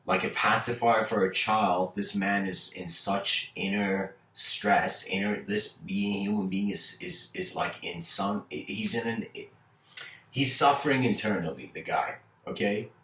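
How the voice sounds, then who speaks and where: A low-voiced man who is a spiritual teacher, speaking loosely and circling back on himself as he answers questions. The sound is roomy and set a little back from the mic. His delivery wanders and keeps restarting. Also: unhurried, bright, forceful tone, recorded from a distance. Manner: rambling, many restarts and "you know"s. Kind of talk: casual talk answering viewer questions.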